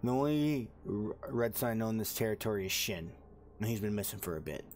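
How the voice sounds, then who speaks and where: A man's voice: lowish voice, expressive, a little fast, a little mellow, slight background noise, natural voice. A man voicing a menacing male dwarf crime boss who answers in short, cold, threatening lines. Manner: curt, threatening, clipped replies.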